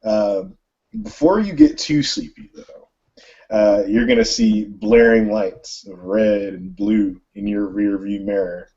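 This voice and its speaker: A low-voiced man narrating a tabletop role-playing game as game master. His voice is gravelly and mellow, halting and full of fillers, on a dull lo-fi recording. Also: big pitch swings.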